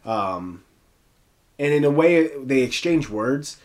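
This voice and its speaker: A man's voice: mid-range voice, lively intonation, slow. Joking man co-hosting a recap chat. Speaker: podcast co-host.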